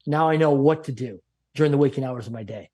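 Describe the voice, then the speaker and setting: A middle-aged man from Canada, a guest on an interview show, telling his story in an energetic motivational way with emphatic, punchy lists and acted-out dialogue. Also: medium pitch, fast talker, slightly rough.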